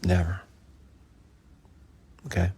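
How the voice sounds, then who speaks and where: A man's voice: low-pitched, completely flat delivery, slow, dark tone, breathy edge. A man giving a blunt, profane motivational rant late at night, preaching at his viewers. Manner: mimics whiny voices mockingly. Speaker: entrepreneur and mentor.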